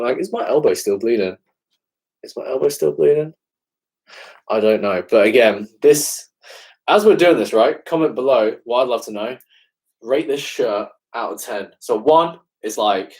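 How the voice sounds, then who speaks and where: Laid-back young English guy, lowish voice. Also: darkish tone, low-quality recording. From England. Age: 20s. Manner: laid-back, fills with "man" and "obviously". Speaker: fitness coach. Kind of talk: live-stream Q&A chat.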